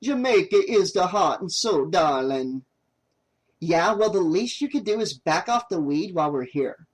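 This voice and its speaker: A man's voice: sits high, expressive, moderate pace. A man voicing a pushy, short-tempered young woman who makes documentaries, in a raised, exasperated voice. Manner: exasperated, snappy.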